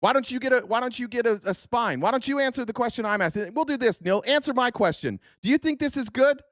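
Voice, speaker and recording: A man's voice: extremely high pitch, animated, fast talker, fairly bright tone, no room sound, clean studio sound. A man hosting a political livestream, reacting to a hearing clip in an angry, profane rant aimed at his chat. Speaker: political commentary host.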